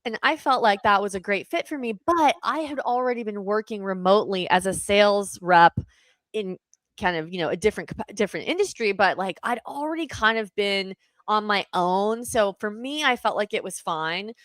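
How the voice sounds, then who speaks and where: Chatty, excitable woman podcast host. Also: mid-range voice, moderate pace, dry recording. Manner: chatty, excitable, often backtracks and corrects herself. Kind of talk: casual podcast chat.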